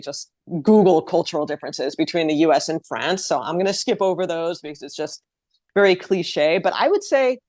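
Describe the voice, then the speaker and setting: Chatty low-voiced woman from New Jersey. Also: no room sound, clean studio sound. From New Jersey, USA. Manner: chatty storyteller, lively and open. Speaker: guest, living-abroad blogger. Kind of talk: casual interview chat.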